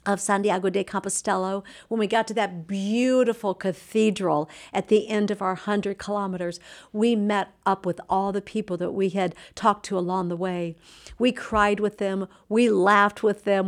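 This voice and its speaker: A middle-aged woman hosting a devotional talk, speaking earnestly with slow, emphatic phrases and dropping to a soft, hushed tone in reflective moments. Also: mid-range voice. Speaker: Christian host and speaker.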